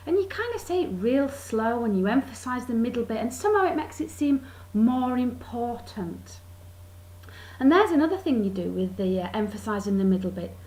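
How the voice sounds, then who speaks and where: A woman's voice: fairly high pitch, big pitch swings, moderate pace, darkish tone, rough recording. A woman giving a sarcastic comedy monologue, drawing out words to mock them. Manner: sarcastic, mocking, drawls words for effect. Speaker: vlogger.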